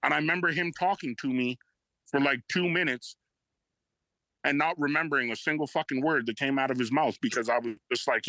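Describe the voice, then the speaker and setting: A middle-aged Canadian-raised man, a rapper guest telling stories in a casual interview, rambling and excited, swearing freely. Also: mid-range voice, fairly quick, dry recording, rough recording.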